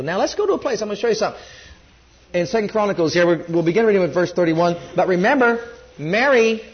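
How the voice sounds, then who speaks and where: A man preaching a sermon, rising loud on key points and dropping low when quoting scripture. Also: muffled recording.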